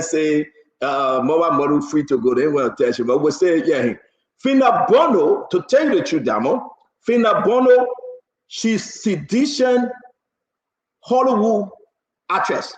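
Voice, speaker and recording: A man hosting a political talk show, excitable and mocking, laughing often and repeating his words. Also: sits high. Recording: roomy, dull lo-fi sound.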